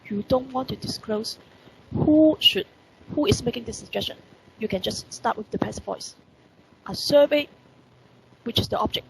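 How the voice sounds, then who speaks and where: Gravelly Hong Kong teacher woman. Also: on the high side, slight background noise, low-quality recording. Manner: repeats rhetorical questions, stresses key words. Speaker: English teacher. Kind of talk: online lesson explaining report writing. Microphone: computer mic on video call.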